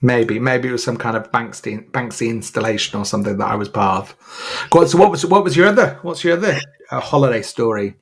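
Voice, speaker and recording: A man in his thirties co-hosting a podcast in casual chat, playful and animated, slipping into silly voices for laughs. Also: mid-range voice, fairly quick, vocal fry. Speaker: podcast co-host.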